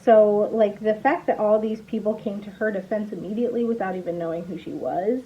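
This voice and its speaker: A woman's voice: medium pitch, steady tone, brisk, highs cut off. A young woman and small business owner in a casual storytime vlog, telling a frustrating story in a chatty, exasperated way with sighs and laughs.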